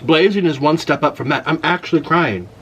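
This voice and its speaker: Young male mukbang host, casual and animated, voice on the higher side. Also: brisk, a little hiss or hum. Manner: animated, exclaims loudly at spicy food. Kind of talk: casual eating vlog chat.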